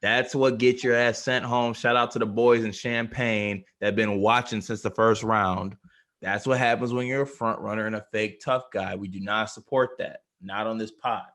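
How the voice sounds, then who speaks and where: A man's voice: fairly low pitch, fairly even intonation, moderate pace, fairly bright tone. A young man co-hosting a casual sports podcast, joking in a laid-back, profane way. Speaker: podcast co-host.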